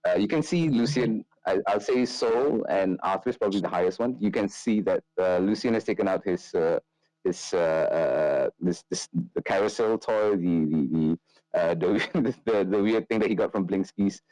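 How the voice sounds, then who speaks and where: A man's voice: deep voice, normal speed, dark tone, no room sound, poor audio. A man narrating as game master, hesitating often with fillers and restarts.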